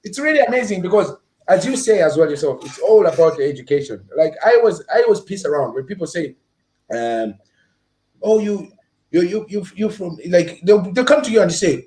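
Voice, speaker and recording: Animated Malawian-born man, fairly high voice. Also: fairly quick, reverberant. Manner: animated, playful, laughs while telling stories. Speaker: podcast host. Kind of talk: casual panel chat.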